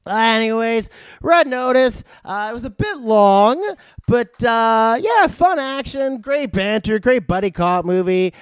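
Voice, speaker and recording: A man's voice: very high-pitched, animated, a little slow, smooth, no room sound. A man from Canada gives a casual, rambling movie review. He uses lots of fillers and swears in passing. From Vancouver, Canada.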